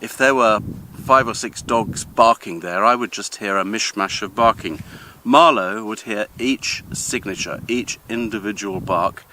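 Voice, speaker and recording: An older man hosting a vlog, talking in a thoughtful, measured way with frequent pauses as he walks outdoors in the countryside. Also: fairly low pitch, bright, forceful tone, a little hiss or hum, low-quality recording. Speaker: vlog host. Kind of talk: casual explanatory talk on a walk, with a poem reading.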